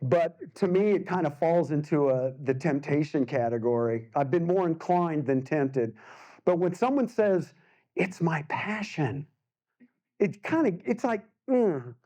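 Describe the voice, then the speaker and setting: A man in his sixties, an artist giving a casual storytelling talk, animated and acting out the voices he quotes, with frequent laughs. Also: a little high, normal speed. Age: 60s. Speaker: guest artist speaker.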